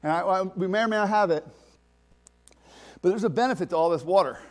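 Speaking fast in a high voice, this male pastor gives a conversational sermon marked by frequent restarts and abrupt shifts from quiet to loud.

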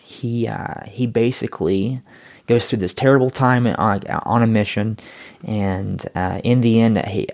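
A man telling his own story in a casual interview, rambling and repeating words as he grows excited. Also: on the low side.

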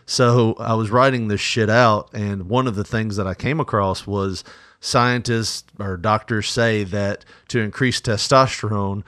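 A man's voice: on the low side, steady tone, measured pace, fairly bright tone, no echo, clean studio sound. A man co-hosting a casual podcast, joking crudely, laughing often and rambling through his stories. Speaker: podcast co-host.

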